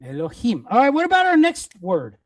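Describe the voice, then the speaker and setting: A man teaching a Hebrew reading lesson, patiently spelling out letters and vowels and repeating each word slowly. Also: extremely high pitch, wildly swooping pitch, no echo, clean studio sound. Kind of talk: classroom teaching.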